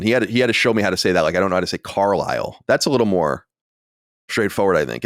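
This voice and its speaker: The podcast host, a man in his late thirties or forties, speaks fast with a fairly low pitch and lively intonation. His casual, self-deprecating chat comes from a home studio, captured as a dry recording with clean studio sound.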